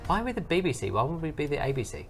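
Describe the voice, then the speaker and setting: Man hosting a podcast, fast talker, very animated, teasing, faint music behind. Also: fairly high pitch. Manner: joking, teasing. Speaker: podcast host. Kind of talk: casual podcast banter.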